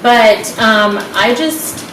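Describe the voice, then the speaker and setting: A woman in a casual group chat, talking candidly and quickly about her own eating habits. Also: on the high side. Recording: echoey room, distant mic, noise.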